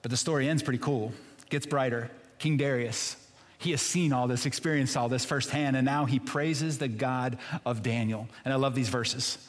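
A man's voice: mid-range voice, steady tone, moderate pace, big-room sound. A man preaching a sermon as pastor, retelling a scripture story in a casual, emphatic way.

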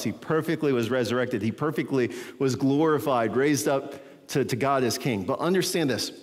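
Pastor preaching in a reverberant hall. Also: male voice, a little high, a little mellow. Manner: conversational, checks in with the listeners often. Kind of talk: sermon teaching from scripture.

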